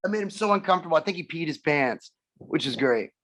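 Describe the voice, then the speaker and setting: A man's voice: a little high, lively intonation, quick pace, a bit bright. A man chatting casually on a video call, telling rambling stories, laughing often and acting out the voices. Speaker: musician guest.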